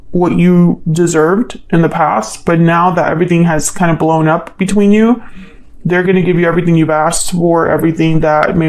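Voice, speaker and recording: A woman's voice: lowish voice, darkish tone, low-quality recording. A woman giving a solo tarot love reading, thinking aloud in a hesitant way and asking the cards questions as she goes. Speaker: tarot reader.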